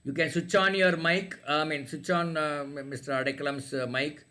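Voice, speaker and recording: A man's voice: on the high side, fairly even intonation, moderate pace, heavy background noise. Hesitant Indian English man teaching. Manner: hesitant, many fillers and restarts. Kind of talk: online class talk.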